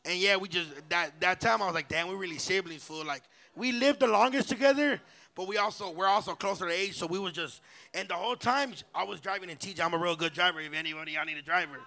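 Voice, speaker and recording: Brief: young man, bright and high-pitched, profane rambling storyteller at a live show. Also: fast talker, creaky. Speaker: podcast co-host. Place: live pop-up show venue.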